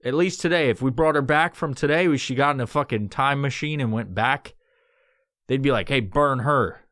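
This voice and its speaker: Profane rambling podcast host, dry sound. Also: male voice, medium pitch, fairly quick, a bit bright, no room sound. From New York. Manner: profane, rambling, exaggerated put-on tough-guy tone. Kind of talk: solo podcast monologue. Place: podcast studio.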